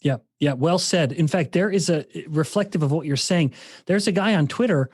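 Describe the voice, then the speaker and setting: In a clean studio recording with no room sound, a male scientist guest on a podcast interview explains his thinking and restarts his sentences many times as he goes. His voice is fairly high and a little mellow, at a moderate pace.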